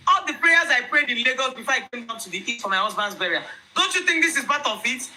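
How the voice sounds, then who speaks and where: A young Nigerian woman with a Nigerian accent telling viewers her own story in an emphatic, animated way. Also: a little high, fast talker, slight background noise, low-quality recording. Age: young adult.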